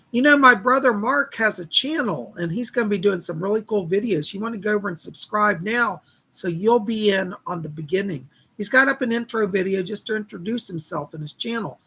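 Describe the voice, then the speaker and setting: A man chats casually to viewers on a live stream in a folksy, friendly way, greeting people by name. His voice has a gravelly fry and sounds husky and strained, as if worn out from talking. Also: high voice, pushed and bright. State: strained, tired voice. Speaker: psychic reader hosting a live stream.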